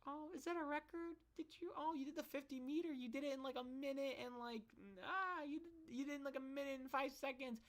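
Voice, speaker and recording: A young man voicing his doting, excited middle-aged mom, gushing with breathless praise. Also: very high-pitched, fast talker, few pauses, pitched above the performer's own voice.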